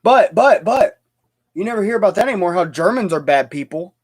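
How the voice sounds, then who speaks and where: A man's voice: high voice, expressive, a little fast, slightly rough. A young man hosting a livestream, ranting heatedly with lots of stumbling restarts. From United States. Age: young adult. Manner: fired-up, repetitive, stumbling restarts. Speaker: livestream host.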